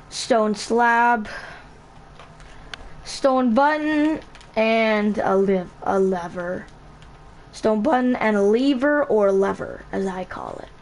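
A woman hosting a casual game building tutorial, talking in a halting way, correcting herself and repeating item names as she goes. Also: fairly high pitch, slight background noise. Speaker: channel host.

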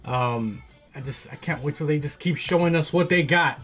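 A man casually reacting to a music video, excitable and slangy, with a groggy morning voice. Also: on the high side, moderate pace. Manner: excitable, slangy, peppered with "bro" and "gassed".

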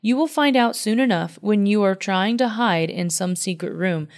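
A woman's voice: medium pitch, moderate pace, close to an everyday voice. A woman voicing Micaiah, a stern and truth-telling male prophet, in a Bible reading with light emphasis.

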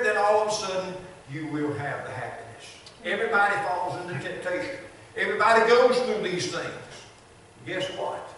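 An older man with a Southern American accent preaching a sermon as pastor, in a rhythmic style with repeated phrases, swinging between loud and soft. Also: sits high, a little hiss or hum. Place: large church sanctuary. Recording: very echoey church hall from a distance.

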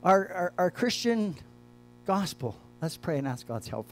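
A man preaching a sermon as the church's pastor, talking loosely with frequent restarts and repeated phrases, shifting between quiet asides and emphatic points. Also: high voice, sing-song, unhurried, soft background music.

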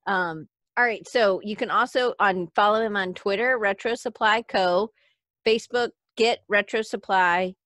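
Woman podcast host, talky and giggly, dead dry sound, middle pitch. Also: measured pace, a bit bright, no echo. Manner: chatty, giggly, reads listener comments aloud. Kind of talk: casual interview chat.

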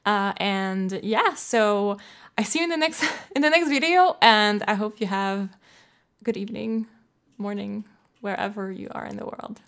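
A woman vocal coach doing a reaction video, enthusiastic and quick to laugh, at times moved nearly to tears by the performance. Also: medium pitch, a bit bright. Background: faint music of the performance being reacted to.

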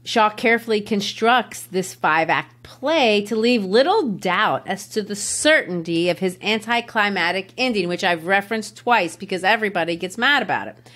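A woman's voice: mid-range voice, animated, normal speed, fairly bright tone. A woman teaching literature on a podcast, her voice rising and falling a great deal. She explains in an engaged, explanatory way and laughs often. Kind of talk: educational literature discussion.

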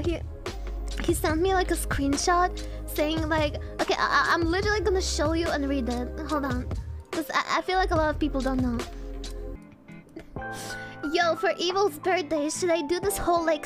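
A young woman streamer talks in a very high voice, excitable and stammering as she reacts. She laughs often and swears freely in casual chat. Music plays behind her.

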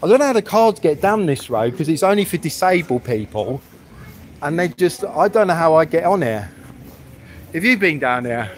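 A man's voice: on the high side, big pitch swings, moderate pace, slight background noise. A man live-streaming from a public street, talking bluntly and swearing as he rambles through a rant.

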